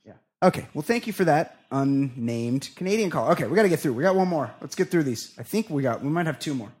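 A man hosting a comedy podcast, bantering excitably with lots of swearing. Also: fairly high pitch, fast. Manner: profane, excitable, laughing banter. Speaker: podcast host. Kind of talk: casual comedy podcast chat.

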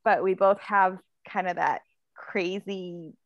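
Gravelly, laughing woman author. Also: on the low side, fairly even intonation, slow pace, no echo, dull audio. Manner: chatty and laughing often, with fillers. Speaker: author guest. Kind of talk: casual interview chat.

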